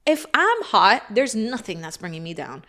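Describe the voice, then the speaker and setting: A woman's voice: medium pitch, very animated, moderate pace, a bit bright. A woman co-hosting a casual book chat, acting out quotes and swearing freely, with Spanish phrases mixed in. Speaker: podcast co-host.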